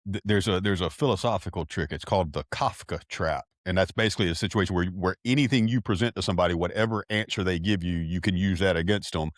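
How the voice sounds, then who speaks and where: A man's voice: low-pitched, fast, hardly any pauses, dry recording, studio quality. A man from Georgia with a Southern accent, co-hosting a podcast in casual chat, blunt and folksy, a little stuffy with allergies. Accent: Southern American. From Georgia, USA. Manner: blunt, folksy, laughs at his own jokes. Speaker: podcast co-host.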